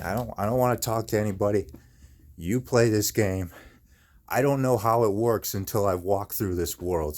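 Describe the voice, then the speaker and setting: A man's voice: on the low side, darkish tone. A man in chronic pain delivering an angry, profane, repetitive rant in his own video. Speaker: video maker. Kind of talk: angry ranting monologue.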